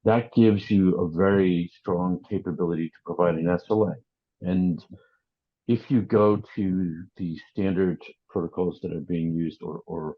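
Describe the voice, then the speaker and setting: A man with a very deep voice speaks in a steady, measured way. He restarts his sentences often as he explains. The audio is somewhat muffled and lo-fi. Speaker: industry panelist. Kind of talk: panel discussion.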